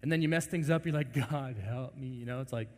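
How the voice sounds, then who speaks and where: A young man in his twenties gives a loose, conversational sermon, joking with the congregation and slipping into quick imitations of the people he describes. His voice sits a touch higher than most men's. The sound is carried through a big church hall with a long reverb. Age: 20s. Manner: animated, jokey, acts out quoted voices. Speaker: pastor.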